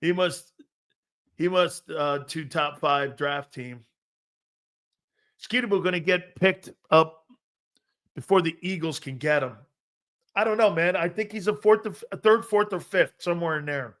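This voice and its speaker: A man hosting a live sports talk show, loud and jokey, talking straight to his viewers. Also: a little high, unhurried, pauses often. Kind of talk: live-stream sports talk reading chat.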